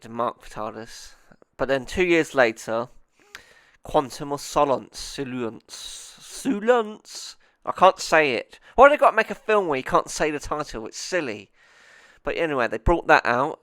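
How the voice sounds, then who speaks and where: Bright, crisp man rambling naively. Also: medium pitch, no echo. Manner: rambling, naive, self-interrupting. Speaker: movie reviewer host. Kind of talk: rambling comedic monologue.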